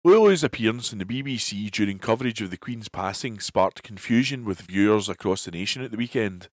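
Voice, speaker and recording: A Scottish man, a volunteer, reading newspaper articles aloud in a steady, careful way, even speaking the punctuation. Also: on the low side, brisk, no echo.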